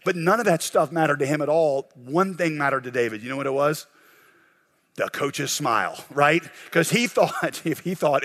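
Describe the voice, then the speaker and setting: Animated man preaching a story sermon. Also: a little high, moderate pace. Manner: animated storyteller, acts out shouted quotes. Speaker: pastor.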